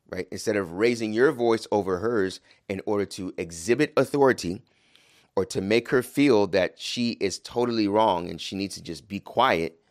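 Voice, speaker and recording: Man, deep voice, dry close sound, religious talk to husbands, measured and calm, acts out quotes. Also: dry recording. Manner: recites Arabic hadith quickly. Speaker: Muslim speaker advising husbands. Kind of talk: religious talk to a male audience.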